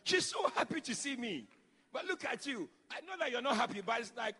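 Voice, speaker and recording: A male pastor preaching a sermon, acting out quotes and shouting lines for emphasis. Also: very high-pitched, big pitch swings, fairly quick, breathy edge, in a large hall. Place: church.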